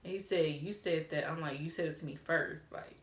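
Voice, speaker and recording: With a deep voice and a fairly quick delivery, the young vlogger recounts her story frankly, cursing without restraint and acting out the messages she got. Her room echoes noticeably.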